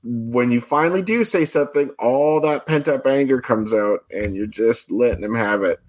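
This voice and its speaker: Quick-talking male podcast co-host. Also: medium pitch. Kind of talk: casual podcast chat.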